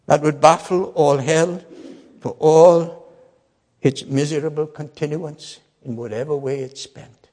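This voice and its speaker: Male preacher, slightly high voice, emphatic sermon delivery with loud peaks and quiet drops, long reverberant hall. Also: steady tone, measured pace. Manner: emphatic, swings between loud declarations and quiet asides.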